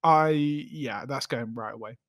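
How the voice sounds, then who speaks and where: A man's voice: mid-range voice, unhurried, a bit bright. A young man co-hosting a podcast, chatting in an upbeat way and laughing often. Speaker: podcast co-host. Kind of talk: casual chat.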